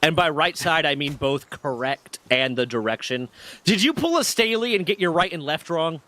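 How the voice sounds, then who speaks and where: A man's voice: a little high, animated, sharp tone, no room sound. Joking male streamer, dry close mic. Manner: joking, rambling, quick asides to chat. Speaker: streamer host. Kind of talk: casual stream chat.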